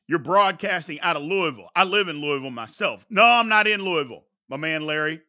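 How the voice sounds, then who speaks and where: A man's voice: fairly high pitch, animated, brisk, bright, forceful tone. A man from Kentucky hosting a casual sports talk show, reacting to chat comments and often repeating himself for emphasis.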